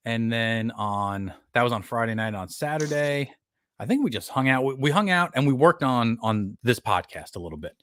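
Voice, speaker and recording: Lively New man telling stories. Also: mid-range voice, normal speed, no echo, studio quality. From New York. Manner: animated storyteller who acts out what others said. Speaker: podcast host. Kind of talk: casual podcast chat.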